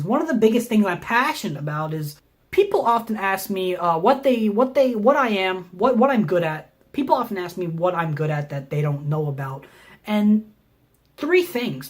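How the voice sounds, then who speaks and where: A young adult film student from Tennessee delivers a mock pitch video in a deadpan, rambling style, full of ums and restarts.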